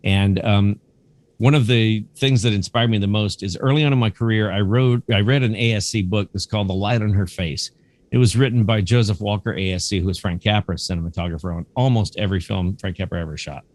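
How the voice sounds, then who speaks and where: Low-voiced man telling lively anecdotes. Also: a little fast, no room sound. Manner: lively anecdotes, acting out quoted dialogue, casual swearing. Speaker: guest, camera museum curator. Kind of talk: conversational storytelling.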